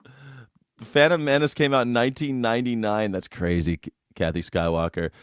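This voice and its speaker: A male streamer rambles casually, joking, swearing, and slipping into put-on voices as he reacts to clips. His mid-range voice is smooth and moderately paced, recorded dry with studio quality.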